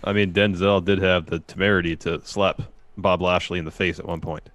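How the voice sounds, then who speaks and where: A middle-aged man co-hosting a podcast, teasing his partner with wry, deadpan comebacks while they go over a wrestling show. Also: deep voice, brisk, no echo. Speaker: podcast co-host. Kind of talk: casual wrestling recap chat.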